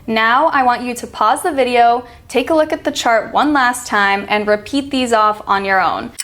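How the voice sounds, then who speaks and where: A woman with an American accent teaching an online pronunciation lesson, reading example words slowly and deliberately. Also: on the high side, a bit bright.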